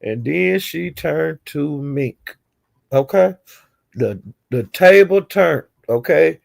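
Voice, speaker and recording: Gravelly-voiced woman spilling gossip. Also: low-pitched, lively intonation, slow pace, darkish tone. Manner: chatty retelling, acting out quotes, chuckling. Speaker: streamer recapping online drama. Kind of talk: casual gossip storytelling.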